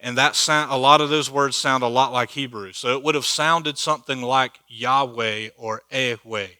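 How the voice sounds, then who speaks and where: Bright-voiced joking teacher. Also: male voice, mid-range voice, fairly even intonation, normal speed, clear, resonant tone, dry recording. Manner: joking, laughs at his own asides. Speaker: Bible study teacher. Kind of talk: conversational Bible teaching. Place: church hall.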